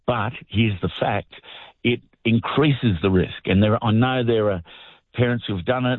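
A man's voice: fairly low pitch, dry recording. Earnest older man on phone. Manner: earnest, plainspoken, slightly halting. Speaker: radio interview guest. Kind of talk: candid radio interview. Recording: tinny phone line.

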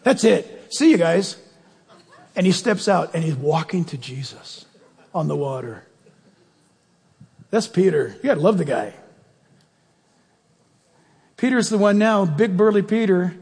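A man preaching a sermon in a church, animated and emphatic, firing rhetorical questions at the congregation. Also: sits high, measured pace, long pauses, breathy edge, in a large hall. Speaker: pastor.

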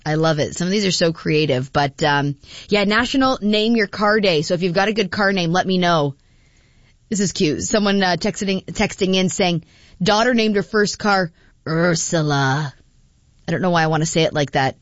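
A woman's voice: lowish voice, brisk, no echo, dull audio. A woman hosting a morning radio show, chatting casually and laughing as she reads listener texts. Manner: chatty, laughing, with frequent fillers.

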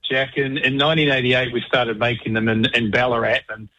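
Deadpan man with a bright, husky voice. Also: medium pitch, fairly quick, dry recording, highs cut off. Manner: deadpan, corporate-formal. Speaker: guest. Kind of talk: comic guest bit.

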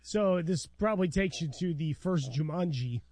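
A man's voice: a little high, expressive, normal speed, a little mellow, no room sound. A man co-hosting a casual sports talk show, dropping dry, offhand quips.

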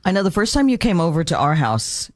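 A man's voice: a little high, sing-song, fast, no room sound, clean studio sound. A man hosting a talk show, chatting with a guest and telling anecdotes, laughing often. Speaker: host. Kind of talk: casual interview.

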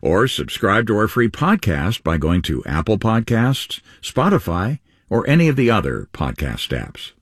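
A man co-hosting a radio ministry program, upbeat announcing with wide pitch swings. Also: sing-song, a little slow, few pauses, husky, no room sound, clean studio sound.

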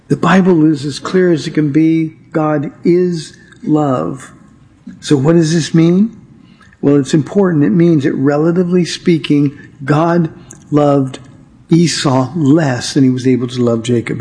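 A man teaching a Bible study in an earnest, emphatic way, slowing down to stress key words. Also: a little high, dark tone. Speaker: Bible teacher and radio show host.

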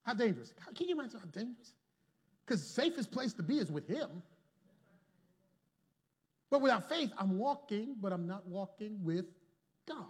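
High-voiced preacher swinging loud to hushed. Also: male voice, sing-song, moderate pace, pauses often, breathy edge. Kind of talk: sermon. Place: church before a congregation.

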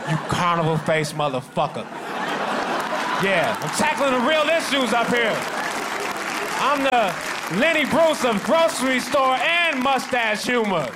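A man performing a deadpan stand-up comedy set with a dry delivery. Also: very high-pitched, unhurried. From United States. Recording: live club recording with crowd noise.

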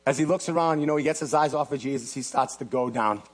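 A man preaching a sermon, swinging between loud exhortation and low hushed asides. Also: fast, faint music behind. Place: church platform.

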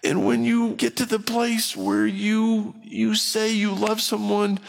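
A man's voice: high voice, level tone, takes it slowly, gravelly, in a large hall. A man preaching a sermon in a church, talking to the congregation in a conversational way and acting out other people's voices. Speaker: pastor.

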